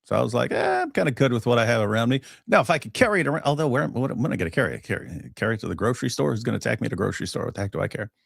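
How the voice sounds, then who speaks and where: A man's voice: medium pitch, big pitch swings, very fast, creaky, few pauses, slightly rough, no echo, studio quality. A man co-hosting a livestream in casual chat, rambling and laughing at his own jokes. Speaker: co-host.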